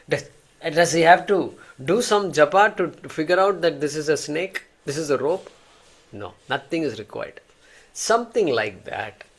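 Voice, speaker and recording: Fairly high-voiced man teaching a class. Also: fairly bright tone. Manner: explains with examples, repeats words while thinking. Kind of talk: class lecture.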